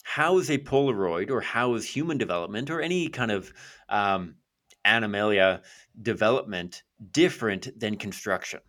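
A man's voice: on the low side, expressive, normal speed, a bit bright. A man co-hosting a podcast from his office, explaining a point casually with everyday examples. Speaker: pro-life podcast co-host. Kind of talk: casual discussion. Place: office in Calgary.

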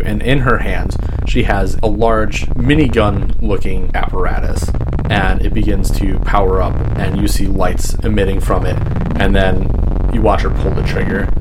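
A man's voice: sits low, noisy background. A man narrating as game master for a tabletop game, in a laid-back way and laughing easily.

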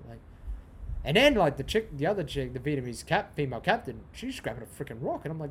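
A man's voice: on the high side, very animated, fast, a little hiss or hum. A young man hosting a podcast, talking in a loose, profane, rambling way that repeats itself and wanders off on tangents. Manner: profane, repetitive, goes off on tangents. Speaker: podcast host. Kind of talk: casual rambling monologue.

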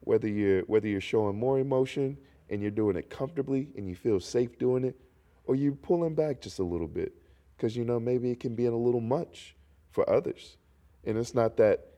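A young man from North Carolina hosting his own solo podcast, talking in a rambling, jokey way while congested. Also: medium pitch. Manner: rambling, animated, jokey asides. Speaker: podcast host. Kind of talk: casual solo podcast monologue.

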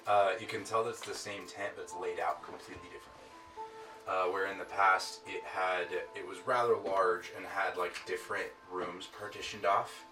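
A man's voice: deep voice, fairly even intonation, moderate pace. A man narrating as game master of a tabletop game, hesitant, with lots of filler words. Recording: echoey, distant mic with music.

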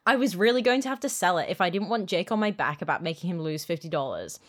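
A woman's voice: lowish voice, big pitch swings, quick pace, fairly bright tone. A young woman and podcast co-host reading a fan fiction aloud in the first person, dramatic, with amused asides in the chat. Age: young adult.

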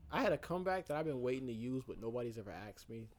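A man's voice: mid-range voice, lively intonation, slight background noise. A young man co-hosting a podcast, telling stories in profane, joking casual chat. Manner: profane, storytelling, quick comebacks. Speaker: podcast co-host.

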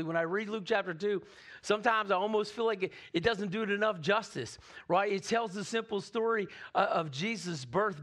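A male pastor with a high voice preaches energetically to his church. He keeps calling on the congregation to answer back and join in. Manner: energetic, calls on the congregation to respond. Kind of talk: Christmas Eve sermon. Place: church sanctuary.

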